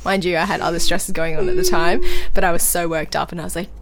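A woman's voice: on the low side, quick pace, background noise. A young woman, co-hosting a podcast in casual chat, telling stories with lots of laughter. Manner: animated storytelling, laughs often. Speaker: podcast co-host.

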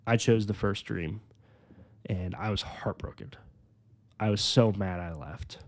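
A podcast host in his twenties shares his personal faith testimony in a lowish voice. He's earnest and leans heavily on "like," slowing down and softening whenever he reaches the emotional parts.

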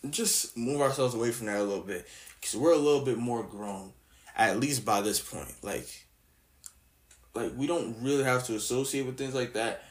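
A man's voice: medium pitch, normal speed. A young man from Canada giving a casual opinion rant, blunt and mocking, full of slang and filler words. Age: young adult. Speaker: vlogger.

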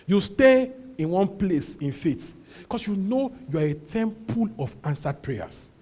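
Young pastor preaching, husky mellow voice, repeats himself a lot, goes loud then quiet. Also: male voice, big pitch swings, a little slow. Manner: emphatic, repeats phrases, swings between loud calls and low asides. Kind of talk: sermon.

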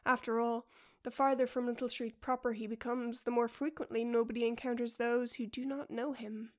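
A woman narrating a story in a soft, quiet and measured voice, sometimes dropping near a whisper. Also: a little high, little pitch movement. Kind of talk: storybook reading.

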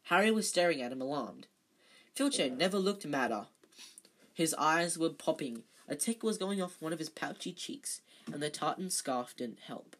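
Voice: mid-range voice, lively intonation, normal speed. An amateur reader casually reading a novel aloud, stumbling and correcting themself now and then. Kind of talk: casual read-aloud narration with slips and self-corrections.

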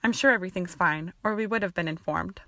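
A woman voicing a tired, kindly older male wizard professor with a weary, croaking manner. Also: on the low side, quick pace, sharp tone, dry recording.

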